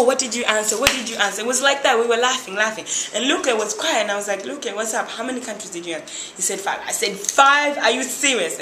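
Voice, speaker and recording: A young woman from Tanzania, a former reality show contestant, telling her story in an interview and acting out what people said. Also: medium pitch. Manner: lively storyteller who acts out other people's lines. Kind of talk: interview, animated retelling. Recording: echoey room with faint noise.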